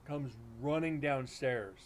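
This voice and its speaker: Middle-aged male paranormal investigator, casual rambling storyteller, mid-pitched voice. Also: slow pace, slight background noise. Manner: rambling, animated storytelling with many restarts and quoted dialogue. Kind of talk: casual storytelling on a live stream.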